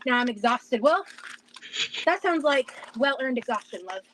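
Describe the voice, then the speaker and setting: A woman's voice: high-pitched, lively intonation, normal speed, fairly bright tone, a little hiss or hum, low-quality recording. Breathless woman rambling on a livestream. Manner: rambling, reads chat aloud. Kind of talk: casual livestream chat.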